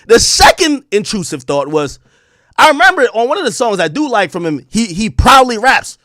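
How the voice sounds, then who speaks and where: A man streaming and ranting about a phone call, his voice leaping around with a lively, swinging pitch and a slightly higher tone than most men. The sound is close and dry, with no room around it. He mocks the people he imitates and laughs between jabs. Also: fairly quick, no echo. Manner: animated, profane, mocking impressions, laughs often. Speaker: streamer host. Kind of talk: casual storytelling rant on a livestream.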